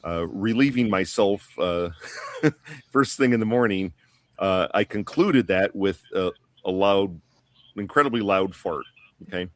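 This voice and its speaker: A man's voice: low-pitched, expressive, measured pace. A man telling a long story on a podcast panel in a casual, rambling way, full of fillers and restarts. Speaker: guest.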